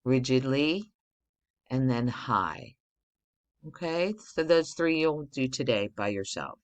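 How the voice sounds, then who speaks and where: Slow, low-voiced woman teacher. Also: lively intonation. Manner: patient, explains step by step, many okays. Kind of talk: recorded spelling and grammar lesson for children.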